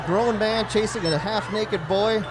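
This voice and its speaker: High-voiced male stand-up comic. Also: unhurried, very noisy. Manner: storytelling with self-deprecating jokes, acts out family dialogue. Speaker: stand-up comedian. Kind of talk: stand-up comedy.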